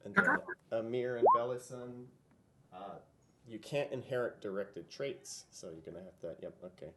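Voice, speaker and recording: A man as game master, narrating and calling for rolls in a relaxed, chatty way with many fillers. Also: medium pitch, normal speed, very noisy.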